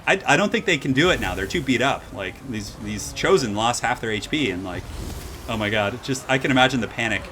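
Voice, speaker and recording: A man casting a strategy game match live, moving from calm analysis to loud excited hype. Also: medium pitch, brisk, noisy background. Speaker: streamer casting a tournament match.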